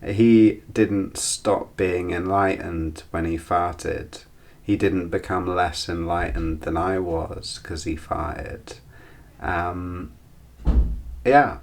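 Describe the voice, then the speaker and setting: A man's voice: low-pitched, fairly even intonation, extremely slow, slight background noise. A man hosting his own channel, telling a rambling, reflective story in a casual monologue with asides. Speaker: channel host.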